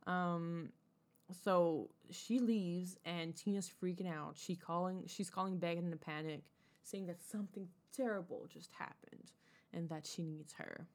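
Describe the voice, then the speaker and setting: A woman's voice: on the low side, unhurried. A woman in casual chat, recapping a TV episode in a laid-back, wry, profane way.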